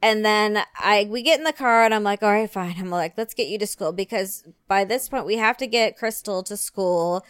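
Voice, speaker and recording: A middle-aged woman telling a story in casual chat, animated and swearing while she acts out her own outbursts. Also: medium pitch, moderate pace, few pauses, clear, resonant tone, no echo, clean studio sound.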